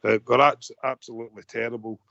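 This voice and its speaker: A man's voice: mid-range voice, flat delivery, fast talker, creaky, pushed and bright, dry recording. A Scottish man calling a fan radio phone-in, talking in a frustrated, rambling way with many restarts, over a muffled line. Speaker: caller.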